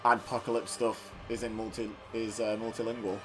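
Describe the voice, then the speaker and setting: A man's voice: fairly low pitch, little pitch movement, moderate pace, music in the background. A man doing casual, self-mocking commentary over a wrestling video game, joking as he calls the action. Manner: chatty and self-mocking, riffing between play-by-play calls. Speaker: gaming channel host.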